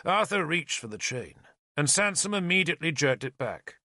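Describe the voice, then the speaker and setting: A man with a slightly high voice narrates an audiobook, telling the story expressively at a moderate pace. The recording is dry, with clean studio sound.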